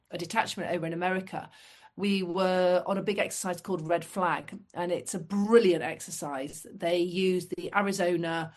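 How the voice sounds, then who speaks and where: Woman telling lively anecdotes. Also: on the low side. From United Kingdom. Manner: lively anecdotes, self-deprecating asides. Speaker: guest, former fast jet pilot. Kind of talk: casual storytelling.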